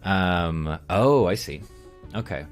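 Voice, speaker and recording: A man with a deep, low voice chats casually on a live stream, reading viewer comments aloud and chuckling as he rambles. Faint music plays quietly underneath. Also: lively intonation, takes it slowly. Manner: rambling, reads chat aloud, chuckles often.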